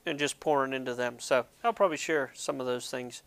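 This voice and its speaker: A man's voice: medium pitch, brisk, gravelly, a bit bright, smooth. A man hosting a casual devotional talk to viewers, jokey and rambling, poking fun at himself. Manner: jokey, rambling, self-deprecating. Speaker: ministry video host. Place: Pennsylvania.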